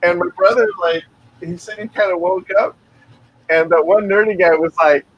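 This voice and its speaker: Man, middle-aged, podcast co-host, slightly high voice, rambling anecdotes, muffled dry recording. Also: steady tone, moderate pace, breathy edge. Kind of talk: casual storytelling chat.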